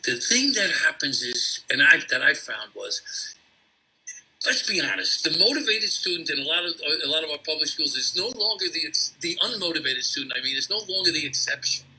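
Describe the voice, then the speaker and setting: Male guest, former teacher; husky, very bright tone; halting, heartfelt storytelling. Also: on the high side, lively intonation, poor audio. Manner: halting, with many restarts and repeats. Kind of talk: emotional personal storytelling.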